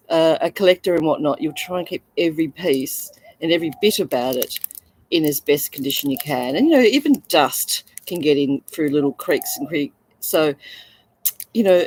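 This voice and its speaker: An Australian woman with a low, deep-set voice talks through a live coin sale. She gushes over each piece and stumbles through plenty of fillers and restarts in a relaxed, casual way. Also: slightly rough, rough recording. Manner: chatty, gushing, many fillers and restarts. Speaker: coin seller on a livestream. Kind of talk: casual live selling chat.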